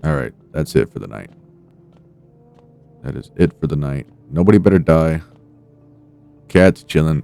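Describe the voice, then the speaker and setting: Laid-back deep-voiced male streamer. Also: animated, unhurried, gravelly, pauses often, dark tone, clean tone, soft background music. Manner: laid-back, wry, swears casually. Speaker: streamer playing a game. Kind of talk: casual live-stream commentary.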